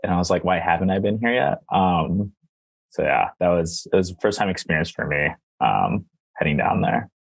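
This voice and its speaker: A man's voice: sits low, animated, normal speed, creaky, dry recording. A young man from Northern Indiana with a Northern Indiana accent, chatting loosely as a panel guest with lots of fillers. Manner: rambling, lots of 'like' and 'um'. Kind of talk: casual panel discussion.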